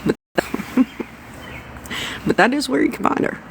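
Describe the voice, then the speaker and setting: A woman's voice: measured pace, background noise. A woman hosting a casual commentary livestream, blunt and exasperated, repeating her points and swearing. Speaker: livestream host.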